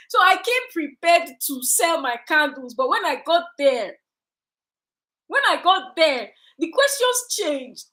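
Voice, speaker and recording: High-voiced woman telling a story. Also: a little slow, rough recording. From Nigeria. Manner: animated, repeats phrases for emphasis. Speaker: candle maker vlogger. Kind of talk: casual storytelling to camera.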